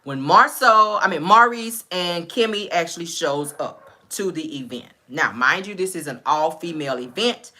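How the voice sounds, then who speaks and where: Low-voiced chatty woman recapping a show. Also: lively intonation, moderate pace, hardly any pauses, sharp tone. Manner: chatty storyteller, acts out quotes, says "all right?" often. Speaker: reality TV recap host. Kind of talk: casual episode recap.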